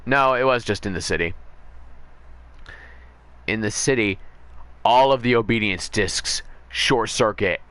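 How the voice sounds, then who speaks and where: A man's voice: fairly low pitch, fairly bright tone, dry recording. A man streaming a game, casually retelling a comic story, often correcting himself and speeding up in bursts. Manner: rambling, self-correcting recap with quick bursts. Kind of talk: casual storytelling while gaming.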